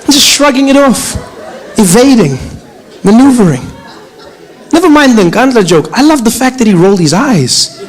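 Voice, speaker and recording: Animated high-voiced male comedian. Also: moderate pace, pauses often, some chatter behind, low-quality recording. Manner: animated, playful, storytelling. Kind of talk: stand-up comedy.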